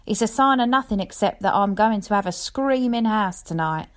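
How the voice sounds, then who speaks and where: A woman's voice: medium pitch, expressive, voice pushed up, lightly acted. Woman reading as a leisurely old lion tamer. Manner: rambling, folksy, unhurried telling. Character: old male lion tamer, leisurely pipe-smoking storyteller.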